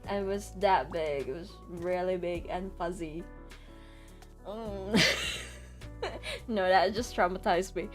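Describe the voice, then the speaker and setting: A woman streamer chatting casually and rambling, laughing often between stories, with squeals of disgust. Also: mid-range voice. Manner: rambling, giggly, lots of laughter and fillers. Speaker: VTuber streamer.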